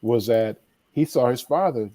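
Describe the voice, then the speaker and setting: A man's voice: mid-range voice, measured pace, warm tone, no echo. A man, a life coach, telling stories with emphatic repetition and acted-out dialogue in a preacherly manner. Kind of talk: animated storytelling advice.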